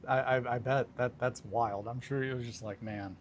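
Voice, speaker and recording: A man's voice: medium pitch, steady tone, normal speed, a little hiss or hum. A young man casually chatting with viewers on a livestream while he works on a hobby project, joking around and reading chat aloud. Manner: laid-back, joking, reads chat aloud.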